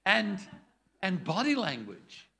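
A man's voice: sits high, huge pitch swings, slow pace, vocal fry, bright, forceful tone, husky. An older man running a preaching workshop, blunt and jokey, acting out different tones of voice as he teaches. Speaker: preaching trainer.

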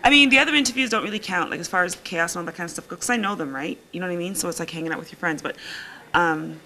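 A woman vlogging to camera as an interviewer, chatty and excitable, with jokey asides. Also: fairly low pitch, rapid-fire, poor audio. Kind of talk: vlog-style chat to camera. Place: hotel room and city streets.

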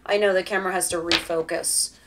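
A woman's voice: fairly low pitch, steady tone, a little fast, very noisy. A woman giving a casual tarot reading straight to the viewer, chatty and direct. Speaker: tarot reader.

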